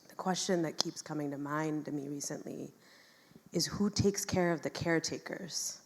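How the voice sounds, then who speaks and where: Low-voiced woman reflecting on stage. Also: normal speed, gravelly, long reverb tail. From United States. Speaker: speaker in a stage talk. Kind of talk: reflective talk to an audience.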